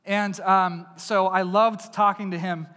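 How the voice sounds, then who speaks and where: Male preacher from East Texas, high voice, casual and jokey, big echoing hall. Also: little pitch movement, a little slow, sharp tone, clear, resonant tone. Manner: casual, jokey, addresses the crowd directly. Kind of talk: conversational sermon with personal stories. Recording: long reverb of a large hall.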